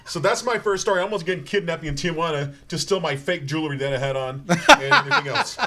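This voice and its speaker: A man telling rambling, animated comic stories on stage as a guest, stumbling over his words and laughing as he goes. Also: fairly high pitch, fast talker, a crowd in the background. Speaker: guest comedian. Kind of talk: live comedic storytelling.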